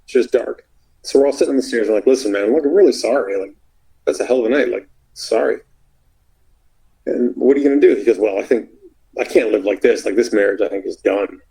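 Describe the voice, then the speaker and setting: A man's voice: lowish voice, quick pace, creaky, rough recording. A man telling a long road story in a casual interview, acting out the voices of the people in it. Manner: animated, acts out quoted voices.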